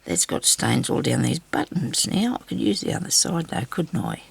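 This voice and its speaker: A woman's voice: sits low, lively intonation, moderate pace, creaky, slightly rough. An Australian woman chatting in a casual, rambling way while she crafts and tells stories. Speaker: craft vlogger.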